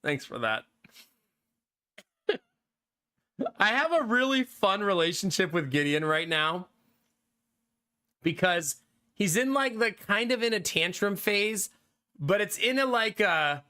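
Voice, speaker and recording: A man's voice: high-pitched, very animated, takes it slowly, pauses often, bright, forceful tone, clear, resonant tone. A man in his thirties streaming a game and chatting casually with viewers, laughing often and swearing freely. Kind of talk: casual chat reading live chat.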